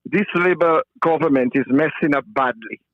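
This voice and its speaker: A man's voice: a little high, normal speed, phone-quality sound. Hesitant Saint Lucian man calling in. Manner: hesitant, repeats words. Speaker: caller. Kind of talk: phone-in political complaint.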